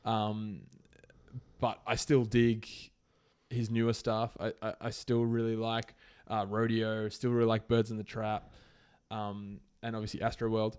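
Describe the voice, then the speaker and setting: A man with a lowish, clean-toned voice speaks a little slowly while co-hosting a podcast. The talk is casual chat, and he rambles in a relaxed way with many fillers.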